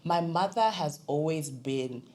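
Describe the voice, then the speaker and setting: A young Zambian woman, a podcast guest, telling personal stories with lively quoted voices in casual conversation. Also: deep voice, measured pace. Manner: animated storytelling, quoting family in other voices.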